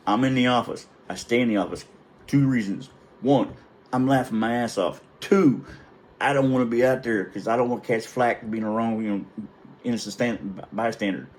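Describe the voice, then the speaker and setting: A man's voice: fairly low pitch, fairly quick, a little mellow, poor audio. A middle-aged man, a retired Navy chief, telling a wry and profane story in a casual, rambling way. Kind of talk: casual anecdote.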